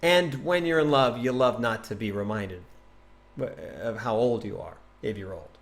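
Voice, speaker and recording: A man's voice: medium pitch, moderate pace. Chatty male streamer explaining poetry. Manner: animated, chatty, thinks aloud with restarts; taps out rhythm with nonsense syllables. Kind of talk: casual livestream teaching.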